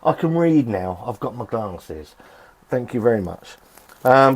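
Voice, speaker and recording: Sitting in his shed at home, a middle-aged male beer reviewer vlogs in a medium-pitched, darkish voice that's expressive and unhurried. His delivery rambles and restarts, full of swearing and grumbling, with his voice rising and falling.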